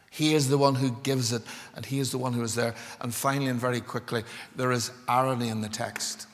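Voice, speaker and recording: A man's voice: mid-range voice, fairly bright tone. A male preacher delivers a fervent sermon, pressing his points with rising emphasis. His voice trails off into the long echo of a large church. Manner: impassioned, building to emphatic climaxes.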